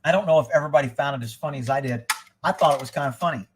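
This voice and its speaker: A man's voice: medium pitch, rapid-fire, noisy background. A middle-aged man hosting a casual livestream, talking loosely and irreverently and chuckling often. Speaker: livestream host.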